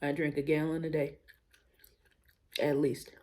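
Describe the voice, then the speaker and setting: A young woman vlogging in a relaxed, unhurried way, thinking out loud and speaking frankly in casual slang. Her voice is warm and dark-toned and sits fairly low, and she lets her sentences drift at an easy pace. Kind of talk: casual personal vlog talk.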